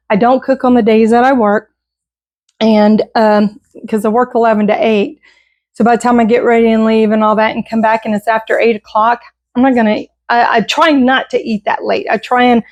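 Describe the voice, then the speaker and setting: A middle-aged woman chatting casually about a grocery haul at home, self-deprecating and quick to laugh, with plenty of restarts. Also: fairly high pitch, no room sound. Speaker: vlogger showing a grocery haul. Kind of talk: casual chat.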